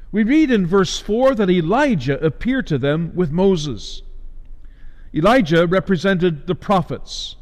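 A man delivering a sermon as a preacher, measured, with emphatic rises and slowed stresses. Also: fairly high pitch, a little mellow, big-room sound.

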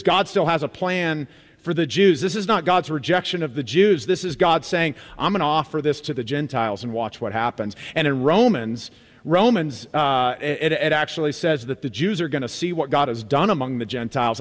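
Guy preaching a sermon, kinda high voice, big echo from the church hall. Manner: animated, emphatic, repeats phrases. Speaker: pastor. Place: church sanctuary.

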